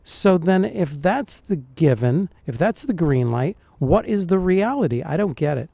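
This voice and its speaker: Dialect coach guy reacting to clips, kinda high but mellow voice, dry close sound. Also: measured pace, gravelly, dry recording. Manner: animated, puzzled, thinking aloud. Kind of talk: reaction commentary.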